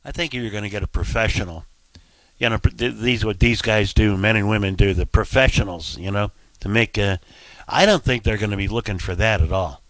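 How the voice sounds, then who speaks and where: A man's voice: fairly low pitch, a little fast, fairly bright tone, no echo. A man hosting a casual talk radio show, rambling through fillers and asides at a studio microphone.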